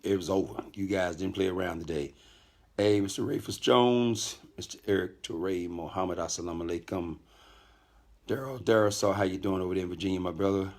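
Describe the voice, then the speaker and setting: Calm middle-aged man greeting viewers. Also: low-pitched. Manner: deliberately calm, greets many viewers by name, repeats himself. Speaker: network marketing leader hosting a live stream. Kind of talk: casual motivational live stream. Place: hotel room.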